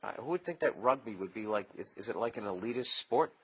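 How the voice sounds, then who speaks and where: Here the same kind of host, a fortyish Bostonian alone on his podcast, rattles through a sarcastic, foul-mouthed bit at a fast, animated clip. His fairly low voice is husky and gets suddenly loud when he ridicules people.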